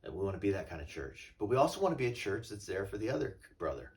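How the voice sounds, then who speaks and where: A male pastor with a low voice who preaches in an easy, storytelling way. The voice sounds set back from the mic, heard from a little distance. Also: sing-song, fast talker, a little mellow. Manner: conversational and storytelling. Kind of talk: sermon.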